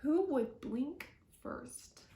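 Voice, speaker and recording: A woman reading a children's picture book aloud in an expressive storytelling manner, with a few small slips. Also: high voice, drawn-out words, slight background noise. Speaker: storybook reader. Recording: echoey room.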